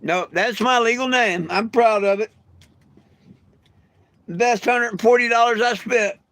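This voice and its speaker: A man's voice: extremely high pitch, measured pace, fairly bright tone. An older retired man talking to his viewers in a blunt, crude, folksy way, telling stories and snapping back at commenters. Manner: folksy storyteller with homespun grammar. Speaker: vlogger. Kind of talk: casual rant to camera.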